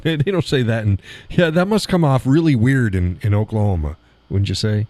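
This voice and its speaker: A man hosting a live stream in casual chat, playful and quick to laugh, toying with how words sound. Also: lowish voice, lively intonation, a little mellow, dry recording. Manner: chatty, playful, laughs often, toys with word sounds.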